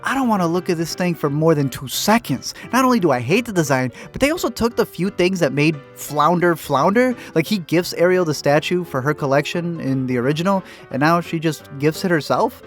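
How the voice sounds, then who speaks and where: A man narrating a comedic movie recap, full of quick jokey punchlines. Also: on the high side, lively intonation, faint music behind. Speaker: host.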